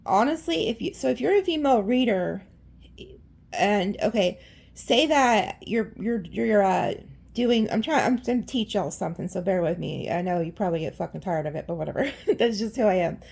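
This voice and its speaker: Woman tarot reader, casual and blunt, raspy with vocal fry; rambles and curses freely. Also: mid-range voice, expressive, moderate pace, a little mellow. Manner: chatty and blunt, swears freely; rambling, with frequent restarts.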